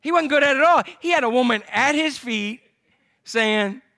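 A man's voice: very high-pitched, normal speed, pushed and bright. A man preaching a sermon, telling a scripture story with jokes to his congregation. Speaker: pastor.

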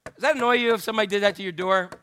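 A man's voice: high-pitched, rapid-fire, sharp tone, a little hiss or hum. A man pastor preaching an earnest, conversational sermon.

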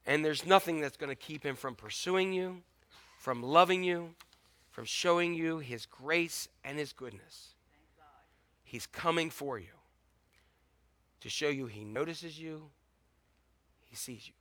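A man preaching a sermon as pastor, swinging between loud urgent exhortation and hushed, intimate lines. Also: on the high side, unhurried, long pauses, dry recording. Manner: repetitive emphatic exhortation.

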